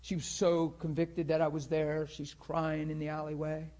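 A middle-aged pastor preaches through a personal story, his slightly raised voice full of feeling. He acts out each person's lines as he tells it, swinging between hushed moments and louder bursts. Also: on the high side, completely flat delivery, normal speed. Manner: emotional, acts out both sides of a story. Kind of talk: sermon storytelling.

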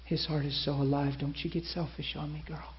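Animated male preacher telling a story. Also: fairly high pitch, fairly quick, muffled recording, slight background noise. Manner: animated storyteller acting out quoted people. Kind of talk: sermon storytelling.

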